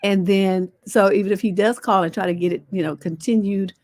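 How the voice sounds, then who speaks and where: A woman's voice: mid-range voice, fairly even intonation, brisk, darkish tone, no room sound. A woman hosting a livestream as a relationship coach. She talks in a blunt, sassy way and swears freely. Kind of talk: livestream advice show.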